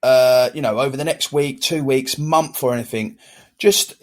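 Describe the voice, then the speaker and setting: A man's voice: mid-range voice, normal speed. A British man co-hosting a casual podcast chat, acting out little everyday exchanges as he talks. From United Kingdom. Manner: animated, acts out little exchanges. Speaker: podcast co-host.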